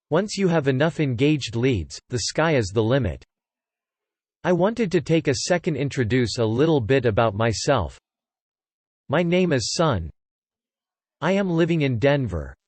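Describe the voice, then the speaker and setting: Man narrating a tutorial, dry and lively. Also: medium pitch, no room sound. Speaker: online marketing tutor.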